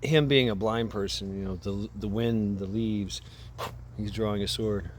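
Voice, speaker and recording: A man's voice: fairly low pitch, steady tone, unhurried, a little hiss or hum. A man vlogging outdoors into a camera mic, casually retelling a movie in a rambling, profane way. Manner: rambling, profane, laughs at his own story. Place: outdoors by a path.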